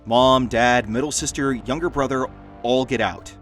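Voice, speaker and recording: A man reading funny stories aloud in a lively storytelling manner, with dry asides. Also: mid-range voice, normal speed, soft background music. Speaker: story narrator.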